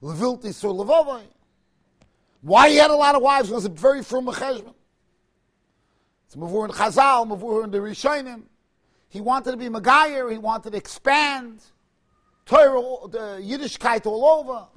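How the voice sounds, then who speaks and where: A man delivers a Talmud lecture in an unusually high voice. He argues with impassioned rhetorical questions and sudden bursts of emphasis, mixing Hebrew and Aramaic terms into his English. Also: normal speed, pauses often, a bit bright. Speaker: rabbi teaching Talmud.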